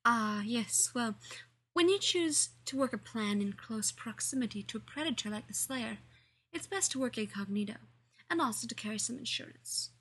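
A woman's voice: fairly high pitch, expressive, moderate pace, fairly bright tone, breathy edge, exaggerated voice. A woman reading the lines of a smug, condescending male alien villain disguised as a human librarian, in a mannered way.

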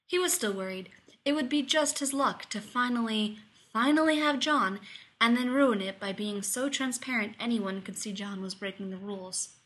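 A woman reads a story aloud in scripted narration. She keeps a steady, even delivery, and her voice is bright and forward. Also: medium pitch, normal speed. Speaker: story reader.

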